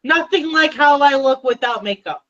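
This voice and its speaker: High, bright woman teasing her co-host. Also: animated, lo-fi sound. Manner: teasing, quick comebacks. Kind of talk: casual live-stream chat.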